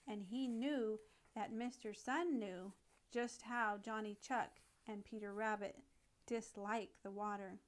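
A woman narrating a classic children's nature story in a gentle, expressive read-aloud manner. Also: on the high side.

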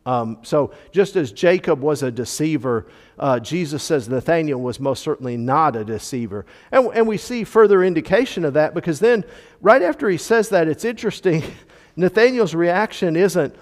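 Male church teacher, explanatory and emphatic, somewhat high voice, recorded with a long hall tail. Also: lively intonation, normal speed, a little mellow. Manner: explanatory, stressing key words, frequent fillers. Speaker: Bible study teacher. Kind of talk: teaching a church Bible class. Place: church classroom.

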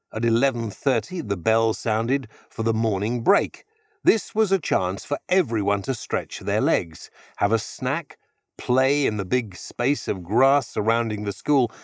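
Man narrating an audiobook, expressive and dry. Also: medium pitch, dry recording. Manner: measured, expressive storytelling.

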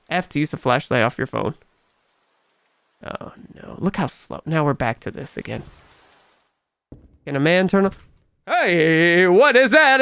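A man's voice: high voice, a bit bright, clear, resonant tone. A young man commentating a horror game as he plays, jumpy and incredulous, talking back to what he sees on screen. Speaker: gaming YouTuber.

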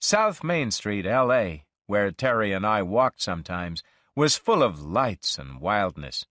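A man narrating a story slowly and expressively for English learners. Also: on the low side, very animated, a bit bright, dry recording, studio quality.

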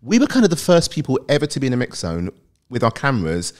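A British man chatting as a guest, spinning loose, meandering anecdotes and laughing through them. His pitch sits in the middle range and his delivery stays casual and easygoing. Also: huge pitch swings, fast talker, a little mellow. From Britain. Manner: rambling, laughing anecdotal storyteller. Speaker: guest, athletics fan and content creator. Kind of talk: casual interview chat.

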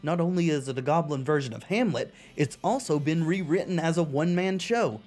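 A man hosts a video game playthrough, reading the on-screen text aloud before dropping dry jokes of his own. His voice sits somewhat high for a man. Faint background music runs underneath. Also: fairly quick, darkish tone. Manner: reads game text aloud, then adds dry wisecracks. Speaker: let's play host. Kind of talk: game commentary.

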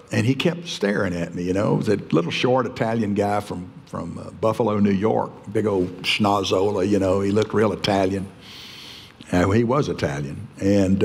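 A gravelly, fairly low-voiced older man preaches a sermon. He tells folksy stories and chuckles often. His voice echoes in a church hall with long reverb. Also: darkish tone. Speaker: pastor.

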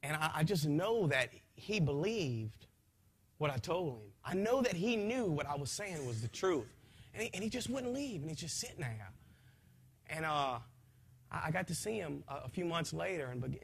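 A man telling his testimony to a church gathering, swinging from hushed lines to shouting, repeating phrases, speaking in a folksy way. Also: a little high, lively intonation, moderate pace, gravelly, breathy edge.

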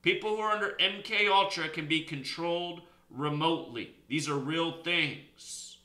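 Man lecturing hard on his channel, super bright forceful voice, slightly high, echoey room. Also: moderate pace. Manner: emphatic, lecturing, presses points hard. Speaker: host. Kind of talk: solo commentary video.

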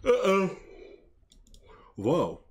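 Lively chatty man streaming a game. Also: sits high, extremely slow. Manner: chatty, laughs often, answers chat. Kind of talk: casual live-stream chat.

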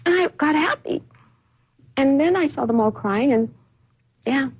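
A woman being interviewed on TV, recalling personal events in halting speech full of repeated words and restarts. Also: high voice, expressive, rough recording. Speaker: interview guest. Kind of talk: emotional personal recollection in a TV interview.

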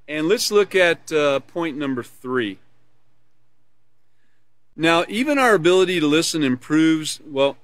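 A man's voice: fairly high pitch, no room sound. Earnest male instructor, dry close sound. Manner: earnest, explanatory, laughs and smiles while teaching. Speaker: character education instructor. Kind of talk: live online class, reading from a course manual and explaining.

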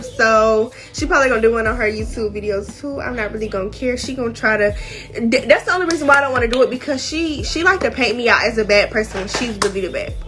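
A woman's voice: fairly high pitch, fairly bright tone. A teenage girl chatting candidly to viewers in a casual vlog, using slang like y'all and finna. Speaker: vlogger. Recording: music playing behind the voice.

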